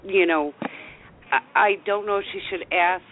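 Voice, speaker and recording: A woman guest on a radio show, speaking earnestly and haltingly, often repeating herself. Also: lowish voice. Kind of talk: heartfelt casual radio chat. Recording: tinny phone line.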